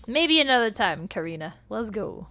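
A woman hosting a casual let's-play, chatty and excitable, gasping and reacting aloud as she plays. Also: medium pitch, normal speed, over music. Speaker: gaming channel host.

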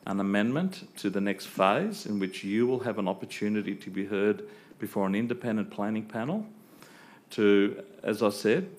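A man answering as a council planning director, measured and explanatory with frequent ums. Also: on the low side, vocal fry, a little mellow. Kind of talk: formal official reply. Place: council chamber.

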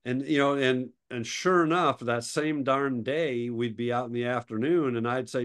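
A man's voice: mid-range voice, normal speed. A middle-aged man co-hosting a photography talk show, telling stories in casual chat, chuckling often and turning wistful when he remembers old friends. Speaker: podcast co-host.

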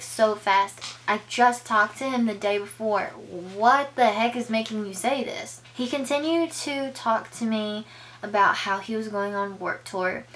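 A young woman telling a casual storytime on her vlog, chatty, full of filler words, and acting out the lines she quotes. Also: fairly bright tone. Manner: chatty, filler-heavy, acts out quoted lines with big pitch jumps. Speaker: vlogger.

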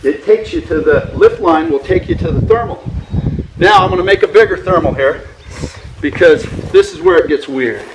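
Animated man teaching flying, echoey outdoors. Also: moderate pace, background noise. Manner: animated, imitates vario beeps with rising pitch. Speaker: hang gliding instructor. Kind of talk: outdoor flying lesson talk. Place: outdoors at a mountain flying site.

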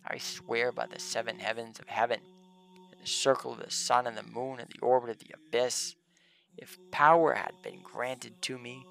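A man's voice: mid-range voice, gravelly, fairly bright tone. A man voicing a fallen male demon spirit, reading his boastful speech in solemn archaic English.

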